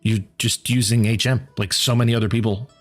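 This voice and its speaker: A man streaming a game and chatting casually with viewers, rambling and repeating words as he thinks aloud, his voice going hoarse. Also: medium pitch, fairly even intonation, brisk, soft background music. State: losing his voice.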